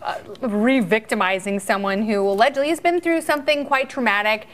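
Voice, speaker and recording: Indignant, animated woman panelist. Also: a little high, a little fast. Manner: animated, indignant, mocking asides. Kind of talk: late-night panel banter.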